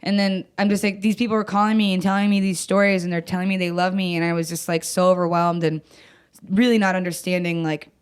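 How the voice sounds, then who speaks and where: A woman's voice: on the low side, little pitch movement, fast, clear, resonant tone. A young adult woman comedian telling stories in casual chat, blunt and profane, self-mocking and often laughing. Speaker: comedian guest.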